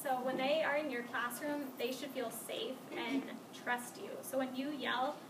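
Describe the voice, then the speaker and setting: A young woman student presents to her class in a casual, chatty way, her voice sitting high. The recording is distant and echoey, with clear room noise behind her. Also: steady tone, moderate pace. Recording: echoey room, mic far off, noisy.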